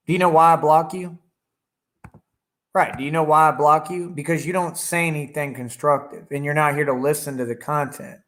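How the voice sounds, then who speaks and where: A man's voice: on the high side, fairly bright tone. A man on a livestream, taunting and boasting at critics in the chat. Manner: talks over his own song playing. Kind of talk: combative livestream rant.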